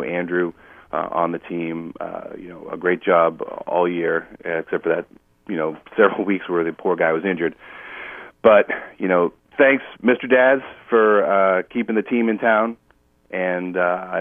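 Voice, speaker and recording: A man co-hosting a casual podcast chat, rambling and halting with many fillers, heard over a tinny phone line. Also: sits low, steady tone, creaky, no room sound. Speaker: podcast co-host.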